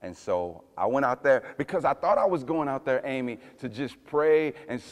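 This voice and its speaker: A man preaching a sermon as pastor, swinging from loud fiery passages to hushed tender ones. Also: mid-range voice, expressive, moderate pace, few pauses, in a large hall.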